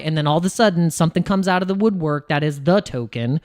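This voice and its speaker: Rambling through relaxed livestream chatter, an American crypto streamer keeps starting over. His laughs come often, and his pitch leaps around in animated swings.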